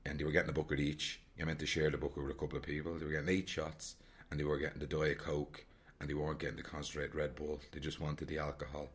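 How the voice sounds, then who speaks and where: With a bass voice that barely shifts in pitch, this fast-talking Dublin man speaks candidly about travelling alone in a Dublin Irish accent. The solo travel vlogger rambles reflectively and repeats phrases.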